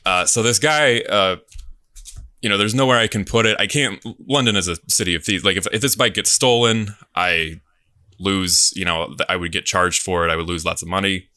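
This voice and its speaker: Bright-voiced man telling sheepish stories. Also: sits low, moderate pace, dry recording. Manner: self-deprecating, chuckling anecdotes. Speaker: game show contestant. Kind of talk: casual storytelling.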